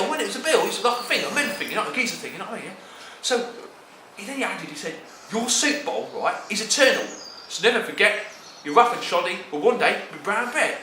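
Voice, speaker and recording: A man's voice: high-pitched, reverberant, slight background noise. A man with a Cockney accent telling a comic story in rhyming slang, chatty and peppered with "right" and "mate". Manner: chatty, full of "right" and "mate", jumps up into excited squawks.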